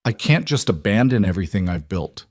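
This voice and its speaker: A man's voice: lowish voice, very animated, fairly quick, a little mellow, dry recording, clean studio sound. A man voicing a driven woman executive who talks in a clipped, defensive way in a story reading.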